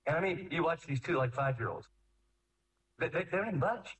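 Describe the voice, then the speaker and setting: A man talking about raising kids, recorded from some distance from the mic. He keeps acting out little scenes, pitching up into exasperated scolding and dropping into slow, deep, calm commands. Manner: acts out parents and kids, swings between loud scolding and slow deep calm. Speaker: speaker on parenting. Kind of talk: animated talk with acted-out voices.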